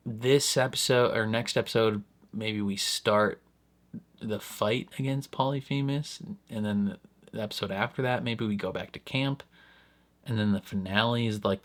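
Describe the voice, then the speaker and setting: Easygoing, chuckling man with a lowish voice. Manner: easygoing and rambling, with frequent chuckles and voice jumping up on asides. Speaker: reaction channel host. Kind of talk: casual spoken review.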